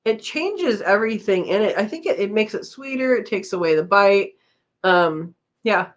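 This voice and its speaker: A woman's voice: mid-range voice, expressive, normal speed. A tired woman hosting a casual live chat, reading out viewer comments and chatting back with a laugh. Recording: slightly dull lo-fi audio.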